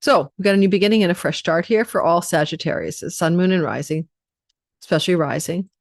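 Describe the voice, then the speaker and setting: A woman's voice: on the low side, brisk, vocal fry, no room sound, studio quality. A woman astrologer giving a casual, rambling forecast, chatty and prone to digressions.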